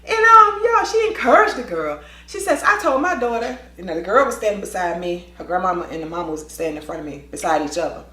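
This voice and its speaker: Woman, storytime vlogger, swooping lively delivery, roomy echo. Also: lowish voice. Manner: lively, acts out voices, quick asides. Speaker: teacher telling a story. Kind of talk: storytime vlog, animated retelling.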